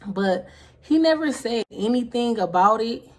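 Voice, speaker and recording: A woman's voice: fairly high pitch, animated, a little slow. A woman vlogger telling a casual story full of slang and swearing, who sometimes drops into whispers to act out scenes.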